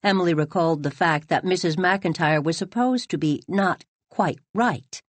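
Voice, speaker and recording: A woman narrates an audiobook in a measured, even storytelling manner, recorded close to the mic. Her voice is on the low side, and the recording is dry.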